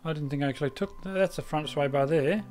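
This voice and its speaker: A man with a slightly high, darkish-toned voice talks fast as he live streams a car repair game, faint music behind him. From South Australia and speaking with an Australian accent, he rambles a little through chatty, casual commentary and loses his train of thought.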